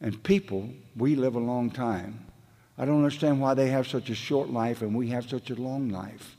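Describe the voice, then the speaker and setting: A man's voice: mid-range voice, normal speed, warm tone. A man with an ordinary, mid-range voice tells stories at a recovery meeting. He rambles in a folksy, casual way, with loose grammar. His voice rings with the long reverb of a meeting hall. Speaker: speaker sharing at a recovery meeting. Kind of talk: storytelling share at a meeting.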